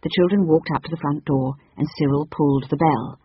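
A reader narrating a children's storybook in an even, measured way. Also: mid-range voice, husky, no room sound. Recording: dull lo-fi audiobook recording.

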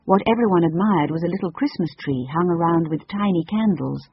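A reader narrating a children's storybook in an even, measured way. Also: medium pitch, breathy edge, no echo. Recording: dull lo-fi audiobook recording.

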